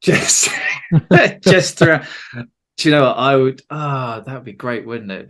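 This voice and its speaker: A man's voice: mid-range voice, lively intonation, slow, a bit bright. A man with a southern English accent hosting a podcast, chatting casually and joking. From England. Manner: chatty, jokey, slips into mock regional accents. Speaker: podcast host.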